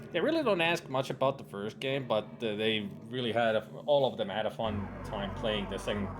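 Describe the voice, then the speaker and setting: Joking, rambling male game commentator. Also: lowish voice. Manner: rambling, joking, mock-serious asides. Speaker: let's play gamer. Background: game music.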